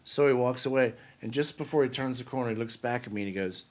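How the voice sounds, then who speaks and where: An older man, a comedian guest, telling stories in a casual interview, soft-spoken and acting out the voices of people he quotes. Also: medium pitch, fast talker. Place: studio talk set.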